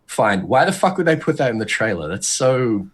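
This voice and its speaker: A man talking in a casual podcast, rambling with many restarts and getting animated as he speculates. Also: mid-range voice, moderate pace. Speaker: podcast guest.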